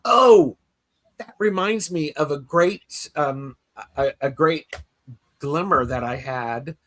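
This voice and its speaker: Bright-voiced rambling male podcast host. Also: a little high, very animated, slow, a little hiss or hum. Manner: rambling storyteller, lots of fillers and restarts; reads listener comments aloud. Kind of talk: casual chat.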